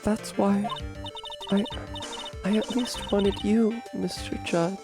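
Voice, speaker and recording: A woman voicing a sweet, timid young woman witness who speaks softly and hesitantly. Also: medium pitch, fairly even intonation, slow pace, music in the background, voice pushed up.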